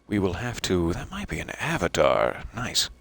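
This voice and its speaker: This let's play streamer has a low, creaky, slightly bright voice whose pitch swoops wildly, at a moderate pace. Playing the game, he keeps up casual, playful commentary, speaks theatrically to the characters, and pokes fun at himself.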